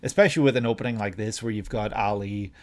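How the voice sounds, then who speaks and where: A man's voice: lowish voice, fast. A man hosting a reaction video, thinking aloud in casual commentary with frequent hesitations.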